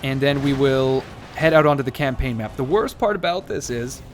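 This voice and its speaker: A man's voice: medium pitch, moderate pace, a little hiss or hum. A man giving casual let's play commentary on a strategy game, sarcastic and joking, swearing and rambling as he plays. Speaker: gaming commentator.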